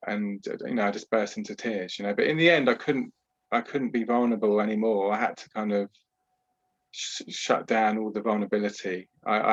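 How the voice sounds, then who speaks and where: A man, a podcast guest who talks candidly and at a measured pace about his own past, often adding "you know". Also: fairly low pitch, muffled recording. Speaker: podcast guest, trauma healer. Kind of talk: reflective personal storytelling.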